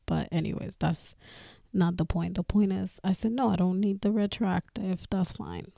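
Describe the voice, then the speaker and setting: Candid gravelly woman podcast host. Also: lowish voice, lively intonation, moderate pace, mellow, dry recording, studio quality. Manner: candid, swearing, laughing between phrases. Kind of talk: casual personal talk.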